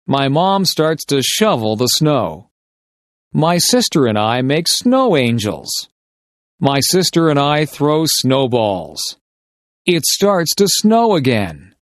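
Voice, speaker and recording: A man reading simple short stories slowly and deliberately for English shadowing practice. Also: medium pitch, sing-song, dry recording. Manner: deliberate, carefully paced reading of short sentences. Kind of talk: slow scripted story reading for shadowing practice.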